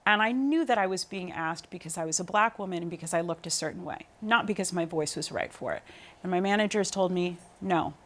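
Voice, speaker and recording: In an interview conversation, a guest opera singer in her thirties tells animated stories about her singing career, stumbling through many ums, fillers and restarts. Her voice is on the low side, and she speaks fairly quickly.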